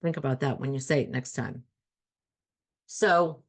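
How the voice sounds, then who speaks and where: A woman's voice: rumbling low, measured pace, vocal fry, pauses often. A woman life coach hosting her own talk show, speaking earnestly and conversationally, repeating key phrases for emphasis. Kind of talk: solo talk show monologue.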